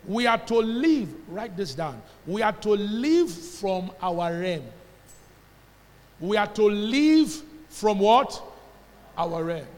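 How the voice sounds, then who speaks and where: A pastor with a Nigerian accent preaches a sermon in a high, very animated voice at a slow pace. He's emphatic, using call-and-response to draw answers from the congregation, and the church hall gives the recording a long reverb.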